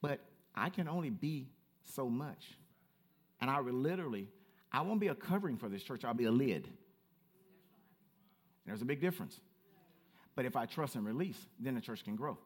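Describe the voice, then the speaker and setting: A man pastor preaching a sermon, animated and playful, calling out to members of the congregation. He has a Southern Black way of speaking. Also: mid-range voice, normal speed, long pauses, slightly rough. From United States.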